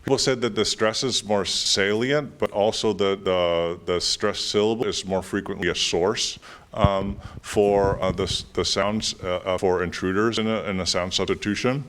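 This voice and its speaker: Low-voiced hesitant male lecturer. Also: fairly even intonation, normal speed, fairly bright tone. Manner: hesitant, many fillers and restarts while thinking aloud. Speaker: guest lecturer answering audience questions. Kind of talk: academic Q&A answer.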